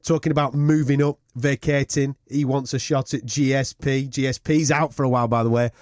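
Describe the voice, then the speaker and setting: A man's voice: medium pitch, fairly even intonation, a little mellow, no room sound, clean studio sound. A man co-hosting a casual fight podcast, running through the news with lots of fillers. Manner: quick, rundown-style delivery with many fillers. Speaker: podcast co-host. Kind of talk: casual sports podcast chat.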